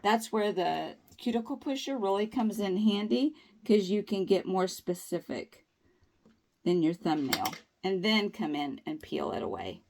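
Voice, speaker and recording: A woman's voice: medium pitch, expressive, unhurried, creaky, a little mellow. Woman, nail tutorial vlogger, chatty, upbeat, reassuring, folksy. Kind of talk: casual tutorial talk.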